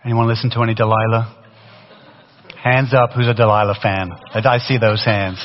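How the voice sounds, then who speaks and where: A man preaching a sermon in a lively, conversational way, with a faded British accent and many restarts. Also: fairly low pitch, moderate pace. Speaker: pastor. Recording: dull sound in a long-reverb hall.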